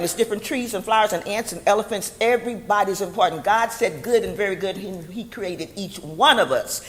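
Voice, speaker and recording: A woman's voice: medium pitch, in a large hall. A woman of seventy, a chaplain giving public comment at a board meeting, rambling and preacherly, blessing her listeners. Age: 70s.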